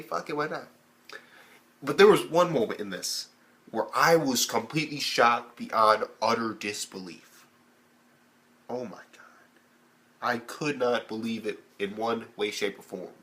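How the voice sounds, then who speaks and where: A young man casually reviewing an anime episode, swearing constantly and acting out characters' lines with sudden high-pitched bursts. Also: moderate pace. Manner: animated, heavy swearing, acts out characters in high squeaky bursts. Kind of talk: casual profane video review.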